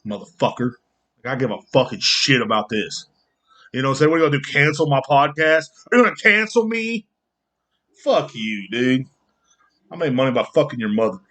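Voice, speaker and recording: A man's voice: fairly high pitch, a bit bright. A man hosting a podcast, ranting angrily and bluntly with constant swearing and the odd laugh. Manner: angry, swearing, blunt, laughs at own jokes. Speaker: podcast host. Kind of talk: profane solo rant.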